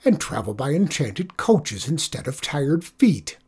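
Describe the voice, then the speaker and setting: A storyteller voicing Griselda, a sharp-tongued, grouchy old village woman who scoffs and snaps. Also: mid-range voice, very animated, unhurried, husky, heavily acted. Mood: scornful. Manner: snappish, scornful scoffing.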